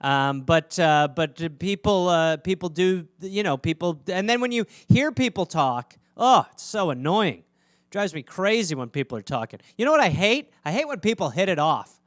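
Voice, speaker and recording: A man's voice: high voice, animated, normal speed, a bit bright, smooth, dry recording. A man hosting a comedy podcast, rambling through a profane monologue with lots of fillers.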